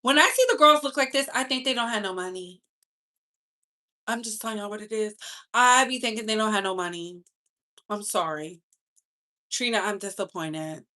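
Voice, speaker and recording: Sassy, bright-voiced woman gossip host. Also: medium pitch. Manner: chatty, sassy, speeds up and slows down for emphasis. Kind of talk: casual live-stream chat.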